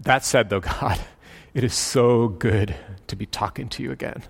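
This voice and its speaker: Man doing anguished ex-atheist scientist, hushed, searching, everyday voice. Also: medium pitch, moderate pace, creaky, slightly rough. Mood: moved.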